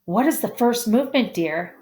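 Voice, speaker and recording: A woman's voice: on the high side, lively intonation, normal speed, a little mellow, voice pushed up, natural voice. A woman voicing a demanding older female piano teacher who quizzes her pupil in a storybook reading. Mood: quizzing. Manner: quizzing, prompting.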